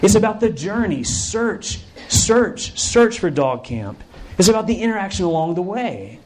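Brief: dreamy, vague female camp leader, put on by a male preacher; slow, airy, mystical delivery. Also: sits high, big pitch swings, darkish tone, voice pushed up, poor audio.

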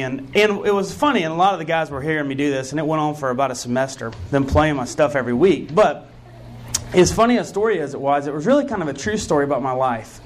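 A man preaches as a pastor, easing into personal stories in a conversational style. He leans into his points with earnest emphasis. His voice sits a touch high for a man. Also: slight background noise. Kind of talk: sermon.

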